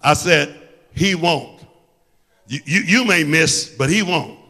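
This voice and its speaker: A man preaching a fervent sermon in a church sanctuary, with a Midwestern American accent, dropping to a hush and then rising to a shout. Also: fairly high pitch, takes it slowly. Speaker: pastor. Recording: church sanctuary with long reverb.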